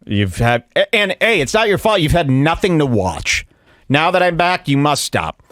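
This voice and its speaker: A male podcast host giving casual, mocking commentary in a sarcastic, animated way, somewhat out of breath. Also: on the high side, normal speed, dry recording, studio quality. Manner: sarcastic, animated, breaks into mock voices.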